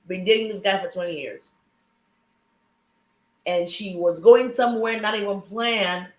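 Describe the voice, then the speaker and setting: A woman hosting a relationship talk show, telling stories with lively energy and acting out the people she talks about. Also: medium pitch, echoey room, low-quality recording. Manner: animated storytelling, acts out callers' lines. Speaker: podcast host. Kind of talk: casual chat.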